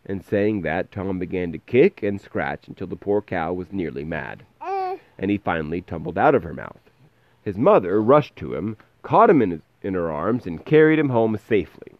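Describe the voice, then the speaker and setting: Low-voiced man reading a fairy tale. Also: normal speed, no echo, muffled recording. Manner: lively, stops to explain words. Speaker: storyteller.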